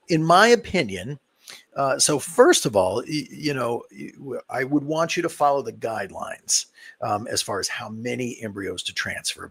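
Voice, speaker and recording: A man, a fertility doctor, answering viewer questions on a live stream in a relaxed, explanatory way, full of fillers and sounding tired. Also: medium pitch, vocal fry, breathy edge, no echo. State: tired, yawning.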